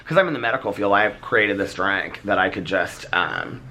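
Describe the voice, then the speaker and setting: A man casually telling a story on his vlog, chatty and animated, acting out the dialogue as he goes. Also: fairly low pitch, brisk. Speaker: vlogger.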